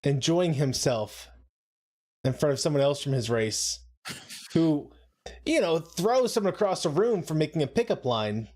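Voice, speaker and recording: A man with a fairly high voice gives casual live commentary on an episode. He chats with a playful tone, laughs often and throws in jokes between his observations. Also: lively intonation, unhurried, a little mellow. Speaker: co-host of a show watch-along.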